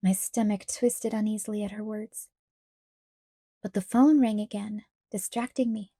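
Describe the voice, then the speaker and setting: Here a woman reads a novel aloud as an audiobook narrator, keeping her mid-range voice measured and even. The scripted storytelling is captured at studio quality with no room sound.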